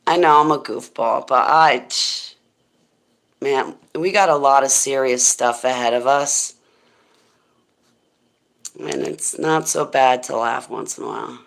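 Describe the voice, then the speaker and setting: A middle-aged woman with a deep, smoky voice, hosting a rambling, goofy livestream chat and thanking viewers as she goes. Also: measured pace, gravelly, pauses often. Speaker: livestream host.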